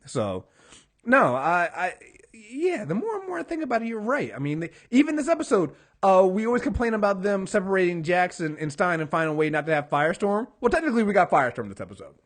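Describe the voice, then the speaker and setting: A man talks through a TV episode on a casual podcast. His voice sits a bit high and swings widely in pitch as he acts out what the characters said. He swears freely throughout. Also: very animated, fast talker. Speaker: podcast co-host. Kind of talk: casual TV recap discussion.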